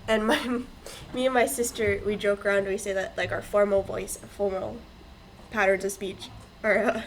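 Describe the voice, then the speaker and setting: A woman in casual podcast chat, animated and quick to laugh, rambling through her stories. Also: medium pitch, gravelly, slight background noise, rough recording. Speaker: podcast co-host.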